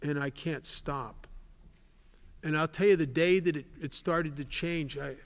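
A man's voice: on the high side, unhurried. Candid older man in an echoing hall. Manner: candid storyteller, swells loud for emphasis. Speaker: recovery meeting speaker. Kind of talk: personal testimony talk. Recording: long hall reverb.

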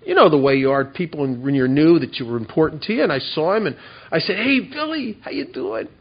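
A man's voice: a little high, very animated, fast talker, slightly rough, lo-fi sound. Candid man telling a recovery story. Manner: candid, confessional, self-mocking. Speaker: recovery speaker. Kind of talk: storytelling talk to a recovery meeting.

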